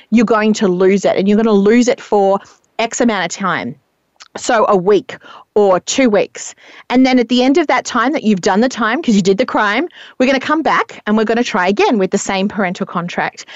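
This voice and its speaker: A woman's voice: fairly high pitch, dry recording, highs cut off. A woman parenting coach explaining her methods in casual podcast chat, earnest and often tagging "right?" onto points. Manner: earnest, explanatory, frequent "right?" tag questions.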